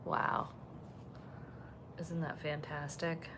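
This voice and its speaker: A woman hosting a casual livestream from a resort balcony, chatting softly and gushing over the animals she sees. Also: low voice, level tone, very slow, background noise. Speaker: vlog host. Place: resort balcony overlooking savanna, outdoors.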